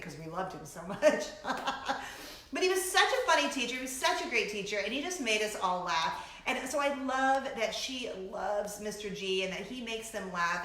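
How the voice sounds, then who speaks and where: A middle-aged woman hosting a casual chat vlog, telling stories with animated energy, laughing often and acting out shrieks. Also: medium pitch, echoey room, a little hiss or hum. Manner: animated storytelling, breaks into laughter, acts out shrieks. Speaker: vlogger host.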